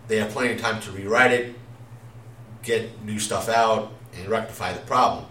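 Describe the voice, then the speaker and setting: A man's voice: fairly low pitch, fairly even intonation, normal speed, bright, forceful tone. Male podcast host, loose and rambling, recorded far off the mic in a roomy space. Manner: rambling, many filler sounds and restarts. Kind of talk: casual chat. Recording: echoey room, distant mic, faint noise.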